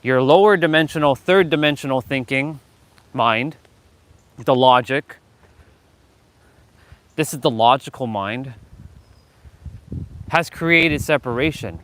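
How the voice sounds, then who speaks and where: A man's voice: medium pitch, slow, pauses often, fairly bright tone. A man hosting a live motivational stream, talking to his chat in a fired-up, preachy way, swearing freely and calling out viewers by name. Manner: calls out chat viewers directly. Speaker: livestream host.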